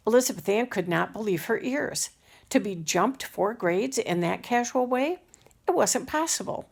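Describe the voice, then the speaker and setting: A woman narrating a children's novel aloud in a measured, unhurried storytelling manner. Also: a little high, expressive, gravelly, breathy edge. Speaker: audiobook reader.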